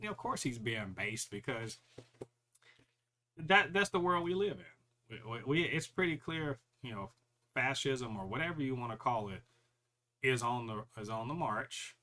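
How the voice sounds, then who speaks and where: Bright-voiced animated man ranting casually. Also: mid-range voice. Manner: animated, profane, mocks others in put-on voices. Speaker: podcast co-host. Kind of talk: casual chat.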